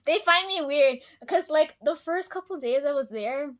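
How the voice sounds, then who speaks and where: Brief: woman with a high voice, casual vlogger, rambly and foul-mouthed, laughs a lot. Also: lively intonation, normal speed, fairly bright tone. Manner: rambling, swears freely, laughs often. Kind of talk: casual chat to camera.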